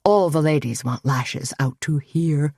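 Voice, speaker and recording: Woman doing a gushy giddy hairdresser guy, cooing, low dry voice. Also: measured pace, dark tone, dry recording. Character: gushing, giddy man hairdresser.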